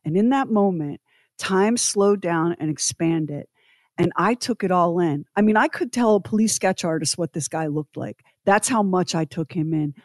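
Expressive woman telling a story. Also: fairly low pitch, normal speed, dry recording, clean studio sound. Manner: expressive, emphatic, swings to loud indignation. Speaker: guest storyteller. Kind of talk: animated personal storytelling.

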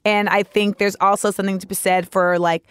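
A woman's voice: medium pitch, level tone, a little fast, smooth, no room sound. A woman hosting a podcast, talking alone in a candid, opinionated way, with frank swearing and joking asides. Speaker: podcast host. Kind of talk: casual solo monologue.

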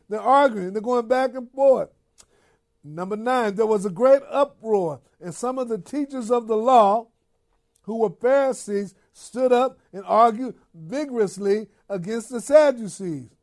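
A man's voice: high-pitched, a little mellow. A man preaching a sermon, reading Bible verses aloud and exhorting the listeners with repeated phrases and questions.

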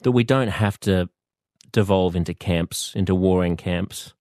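A man with an Australian accent hosting a podcast, speaking in a thoughtful, measured monologue with pauses and restarts. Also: sits low, darkish tone, no room sound, studio quality. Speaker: podcast host. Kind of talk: reflective monologue.

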